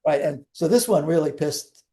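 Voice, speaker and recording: A man's voice: a little high, lively intonation, normal speed, mellow. An older man, a guest in an interview, telling wry, rambling anecdotes with frequent restarts.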